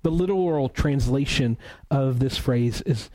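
Male pastor, warm mellow tone, earnest preacher who repeats words for emphasis. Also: mid-range voice, low-quality recording. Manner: reads scripture aloud slowly. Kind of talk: sermon.

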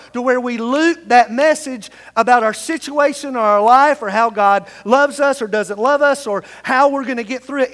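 In a church sanctuary with the long reverb of a large hall, a male pastor preaches in a very high, fairly bright voice. He leads the congregation through scripture read aloud together in call-and-response.

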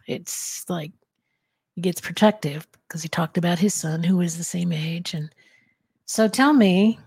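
A woman co-hosting a podcast, reading a novel chapter aloud and then discussing it in a measured, thoughtful way. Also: low-pitched, a little mellow, slightly rough, no echo, clean studio sound. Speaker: podcast co-host and reader.

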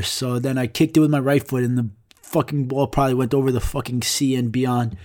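Young guy, casual storyteller, profane and rambling, average pitch. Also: quick pace. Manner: rambling, profane, quotes others in animated asides.

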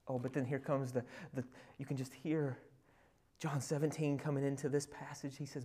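A male pastor preaching a sermon. He retells scripture scenes with conversational asides, swinging from loud emphasis to hushed, near-whispered passages. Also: mid-range voice, fairly even intonation, fairly quick.

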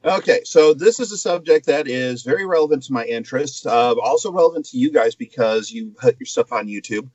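A man co-hosting a chatty podcast, walking through a news story with plenty of asides. His voice sits at a middle pitch, recorded dry and close on a slightly muffled mic. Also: expressive, brisk, hardly any pauses, a little mellow, dry recording. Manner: explanatory, with asides and filler. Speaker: guest co-host. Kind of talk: casual podcast chat.

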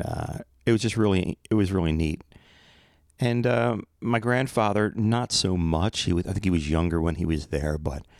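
A man's voice: low voice, gravelly, a little mellow, no echo, studio quality. A middle-aged man hosting his podcast alone, rambling in a playful, self-mocking way. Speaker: podcast host. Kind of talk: casual solo podcast monologue.

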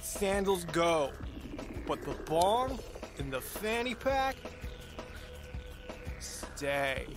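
A man playing a laid-back young stoner who drawls slowly. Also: high-pitched, very animated, music in the background, heavily acted. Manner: drawling, slow.

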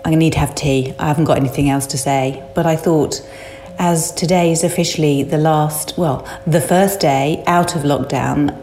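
A woman's voice: low voice, a little mellow, slight background noise. A middle-aged English woman keeping a casual spoken diary, chatty and emotional, sighing and laughing between thoughts. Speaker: florist keeping an audio diary. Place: at home and in a van.

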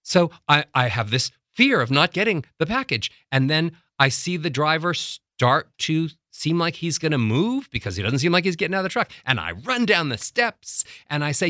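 A middle-aged man working as a voice coach, teaching breathing with lively, acted-out examples. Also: on the high side, moderate pace, few pauses, no room sound, studio quality. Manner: animated, acts out little scenes and demonstrates breathing. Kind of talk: instructional talk with acted examples.

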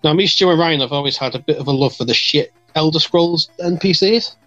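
A man hosting a casual podcast chat, jokey and animated, laughing often. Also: a little high, fairly quick, lo-fi sound, faint music behind. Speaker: podcast host.

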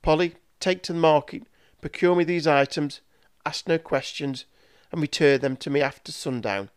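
A man's voice: mid-range voice, animated, moderate pace, lightly acted. A man voicing a rude, hungover male wizard who snaps and sneers at his apprentice. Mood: commanding. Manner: sneering, snappish.

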